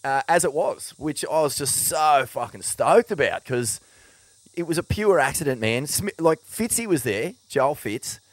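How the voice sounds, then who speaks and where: A man's voice: medium pitch, animated, unhurried, few pauses, no echo. A young Australian man chatting casually as a co-host, dropping swear words and self-mocking laughs. His voice sits close and dry to the microphone, with no room sound around it. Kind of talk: casual podcast chat.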